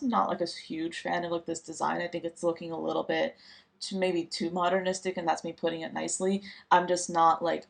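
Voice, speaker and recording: A woman's voice: fairly low pitch, vocal fry. A young woman reviewing new perfume releases in a casual, chatty way, with lots of fillers and restarts. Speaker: fragrance reviewer.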